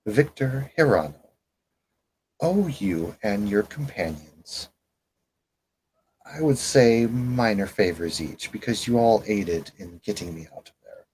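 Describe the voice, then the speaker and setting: Man voicing a vampire fixer, very low voice, courtly, measured, faint noise behind. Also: animated, a little mellow, rough recording. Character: suave formal male vampire fixer, courteous, self-assured. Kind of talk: tabletop role-play.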